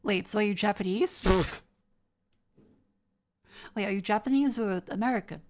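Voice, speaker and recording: A woman's voice: mid-range voice, moderate pace, a little mellow. A young Australian woman streaming live, chatting with viewers and reading their messages aloud, often stumbling and restarting. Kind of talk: casual live-stream chat.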